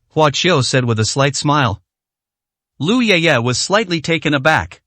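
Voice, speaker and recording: A man narrating a story in an audiobook with expressive delivery. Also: on the high side, measured pace, no echo. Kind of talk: scripted narration.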